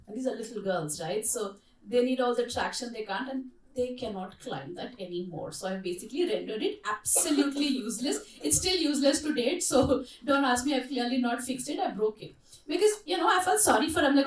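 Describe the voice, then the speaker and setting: Speaking on the high side and slightly fast, this middle-aged workshop leader keeps things interactive, spinning lively stories and quizzing her audience. It's recorded in an echoing conference hall with her voice distant from the microphone.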